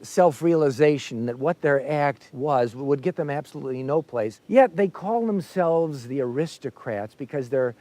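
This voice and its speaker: A man reflects thoughtfully on a joke in an interview. His voice is dark and mellow. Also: fairly high pitch, expressive, moderate pace, few pauses, dry recording. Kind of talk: interview commentary.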